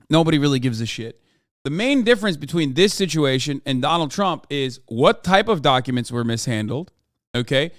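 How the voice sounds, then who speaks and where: A man's voice: on the high side, fairly bright tone, clean tone, no room sound, clean studio sound. A male streamer giving casual reaction commentary in a blunt, profane, argumentative way.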